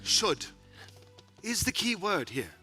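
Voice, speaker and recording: A man narrating as game master of a live tabletop game, animated and quick to laugh. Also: high-pitched, faint music behind.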